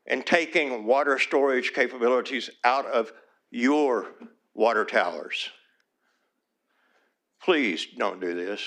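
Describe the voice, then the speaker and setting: A man's voice: medium pitch, fairly bright tone. Pleading small-town mayor, a man. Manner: earnest and pleading, repeats "please", voice turns emotional. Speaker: small-town mayor speaking at a city board meeting. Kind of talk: public comment at a city council meeting.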